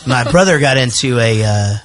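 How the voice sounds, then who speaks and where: A man's voice: mid-range voice, animated, moderate pace, a bit bright. A man hosting a podcast in casual chat. He rambles and swears freely. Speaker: podcast host.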